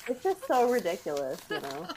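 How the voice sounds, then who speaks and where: A young woman co-hosting a casual movie podcast, playful and animated, gasping and laughing along. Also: fairly high pitch, fairly quick, gravelly, crowd noise, rough recording. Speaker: podcast co-host.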